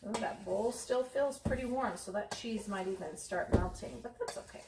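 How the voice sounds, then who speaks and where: A woman's voice: mid-range voice, moderate pace, distant mic, very noisy. Chatty woman cooking in an echoey kitchen. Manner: chatty, rambling, many ums. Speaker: cooking channel host. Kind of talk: casual cooking vlog. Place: home kitchen. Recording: echoey room, voice away from mic.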